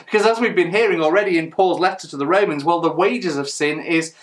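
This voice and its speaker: A man's voice: fairly high pitch, fast talker. A man preaching a sermon in church, earnest and emphatic, asking rhetorical questions as he reads and explains scripture.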